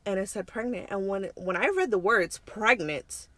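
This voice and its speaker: A young woman telling a story to her vlog audience, animated and giggly, acting out quotes. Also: mid-range voice, normal speed, no echo. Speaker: vlog co-host. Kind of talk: storytelling chat.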